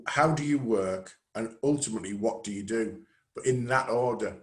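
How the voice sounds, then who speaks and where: Man leading a lively webinar. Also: lowish voice, moderate pace. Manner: lively, conversational, self-deprecating. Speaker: webinar presenter, networking coach. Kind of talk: webinar presentation. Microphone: video call.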